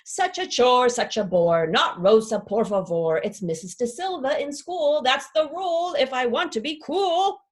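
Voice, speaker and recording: A woman's voice: moderate pace, few pauses. A woman reading aloud as a chatty, dramatic classroom pet parrot who makes up rhymes. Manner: lively storytelling with playful rhymes and pitch leaps. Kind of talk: children's book read aloud.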